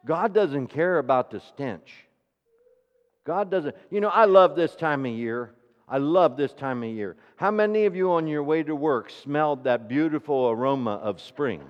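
A man preaching a sermon, asking the congregation rhetorical questions and swinging between hushed, near-whispered passages and loud, ringing declarations. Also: lively intonation, normal speed. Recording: reverberant hall, dull low-fidelity sound.

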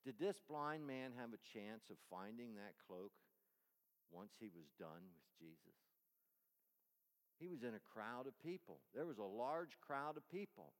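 A man preaches a sermon in a mid-pitched voice. His delivery swings from loud, emphatic calls to hushed, almost whispered lines. A long reverb from a large hall trails behind every phrase. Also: sing-song, a little slow. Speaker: pastor.

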